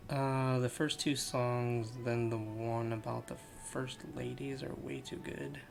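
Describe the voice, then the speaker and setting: A man's voice: medium pitch, steady tone, measured pace, creaky, background noise. A man casually commenting while streaming a game, chatty and joking with his chat.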